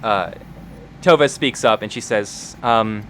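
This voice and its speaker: A man's voice: fairly low pitch, slow, fairly bright tone, a little hiss or hum. A man narrating as game master in a casual way, with many "uh"s and "kinda"s. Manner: casual, filler-heavy narration.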